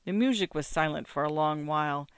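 A man narrating a classic story in an expressive, measured reading. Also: a little high, clean tone, dry recording.

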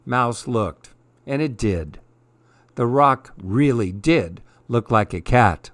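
A man reading a children's picture book aloud in a calm, measured storytelling way. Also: mid-range voice, no echo.

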